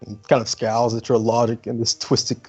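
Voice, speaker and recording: A man's voice: medium pitch, monotone, normal speed, breathy edge. A man running a tabletop game as game master, narrating in a loose, rambling way full of fillers. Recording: muffled lo-fi stream with faint music.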